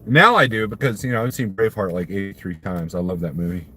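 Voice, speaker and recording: A man's voice: low voice, lively intonation, quick pace, pushed and bright, a little hiss or hum. A man from Missouri, a trucker hosting a casual live stream, rambling and answering viewer comments while chuckling at his own jokes. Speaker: trucker livestreamer.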